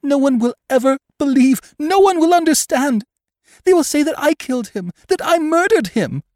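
Man putting on a frightened young woman, high-pitched, pleading, near hysterical, loud, dry audiobook sound. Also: expressive, moderate pace, no room sound. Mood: sobbing.

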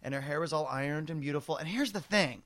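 A man who is a comedian hosting a podcast, telling stories in a campy, profane, animated way. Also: fairly high pitch, fast talker, no echo. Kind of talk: casual storytelling chat.

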